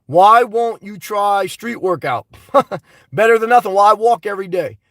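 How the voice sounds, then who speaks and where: A man's voice: high-pitched, moderate pace, fairly bright tone, no echo. A man chatting casually on a live stream, answering viewers' comments in a boisterous, blunt, profane way, a little congested. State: slightly congested. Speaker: vlogger reading live chat.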